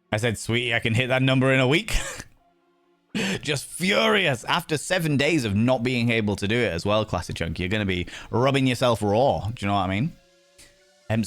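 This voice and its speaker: A man's voice: on the low side, no echo. A man chatting playfully and theatrically on a game stream, laughing often. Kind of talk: casual live-stream chat.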